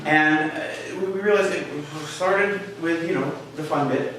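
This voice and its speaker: A man telling a comic personal story at a live story slam, halting and full of fillers, with a wry, self-mocking manner. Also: a little high, fairly bright tone. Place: small live venue with an audience. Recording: echoey room, mic far off, faint hiss.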